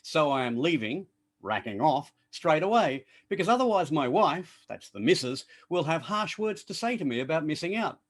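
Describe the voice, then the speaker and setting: An Australian man delivers a prepared speech over an online call. His voice sits a little high. He explains in a playful way, with big swings in pitch. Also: very animated, normal speed. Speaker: club member giving a speech.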